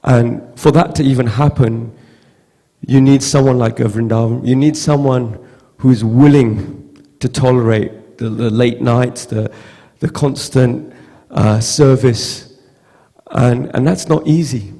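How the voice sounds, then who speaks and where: A man giving a halting, heartfelt storytelling tribute at a memorial gathering, often repeating words. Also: medium pitch, fairly even intonation, mellow, long reverb tail. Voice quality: gravelly. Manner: halting, repeats words, acts out quoted voices. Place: temple hall with long reverb.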